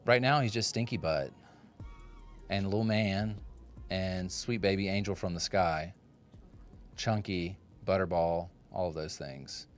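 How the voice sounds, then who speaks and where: A man's voice: low voice, unhurried, long pauses, faint music behind. A man in his forties chatting casually and jokingly with viewers while carving on a phone live stream in his home workshop. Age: 40s. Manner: joking, rambling, chats with viewers' comments. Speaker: woodcarving livestreamer. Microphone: phone propped up.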